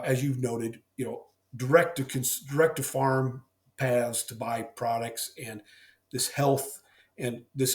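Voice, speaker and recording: Man, middle-aged, plainspoken farmer, heartfelt interview storytelling, mid-pitched, echoey room. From Missouri. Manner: plainspoken and folksy. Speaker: dairy farmer guest. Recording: roomy echo.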